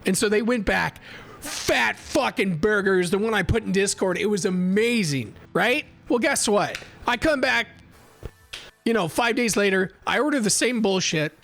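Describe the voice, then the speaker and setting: A young man streaming live, telling an animated, profane story and reading chat. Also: high voice, normal speed, creaky, faint music behind. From United States. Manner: animated and profane, acts out heated exchanges.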